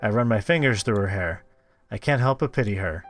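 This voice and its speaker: Expressive male game streamer. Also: lowish voice, soft background music. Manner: expressive, quick asides between read text. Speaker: streamer playing a visual novel. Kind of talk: reading a game aloud with commentary.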